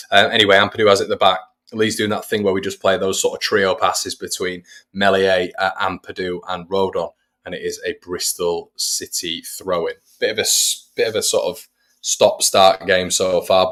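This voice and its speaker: A man hosts a fan stream and talks the match through play by play. His voice sits on the low side, and he keeps his tone relaxed and chatty. He breaks off the commentary to answer viewers. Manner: chatty, reads out viewers' messages between play-by-play. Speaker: fan channel host. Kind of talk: live watch-along match commentary.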